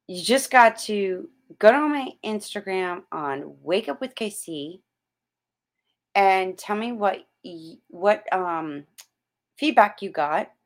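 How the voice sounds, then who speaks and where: Slow-talking middle-aged woman giving a pep talk. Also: mid-range voice. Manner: emphatic and repetitive, preachy pep talk. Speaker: motivational host. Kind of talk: motivational vlog talk.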